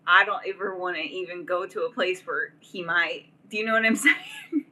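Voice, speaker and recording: Bright-voiced woman ranting on a livestream. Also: fairly low pitch, big pitch swings, normal speed, low-quality recording. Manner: profane, rambling, laughs often. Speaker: livestream host. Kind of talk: casual livestream rant.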